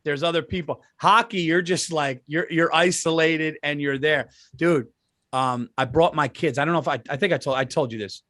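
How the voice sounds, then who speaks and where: Animated man telling stories on a dry mic. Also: moderate pace, no echo. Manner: animated storyteller who acts out quoted voices in a raised pitch; swears freely. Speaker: comedian and podcast co-host. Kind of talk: casual podcast chat.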